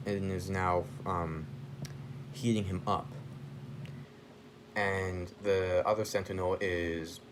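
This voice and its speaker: A man's voice: low-pitched, noisy background. A man casually improvising a fan story, rambling and stopping to search for names.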